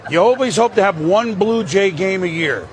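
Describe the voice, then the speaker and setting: A male sports broadcaster telling a rambling, jokey story in off-air banter. His voice sits high and swings widely in pitch. Faint outdoor noise hums behind the clip. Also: expressive, moderate pace.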